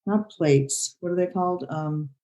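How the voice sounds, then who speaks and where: An older woman director talks through her work in a relaxed interview. Her voice sits low and warm. She meanders, restarts her sentences and leans on "you know" constantly. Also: unhurried, low-quality recording. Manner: rambling, many "you know" fillers and restarts. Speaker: film director, interview guest. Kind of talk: conversational interview.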